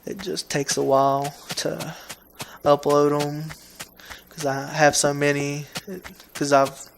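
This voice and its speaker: Slow and flat, a laid-back gaming video host with a Southern drawl talks in a slightly high, creaky voice. He rambles and keeps restarting his sentences, and faint hiss can be heard beneath him.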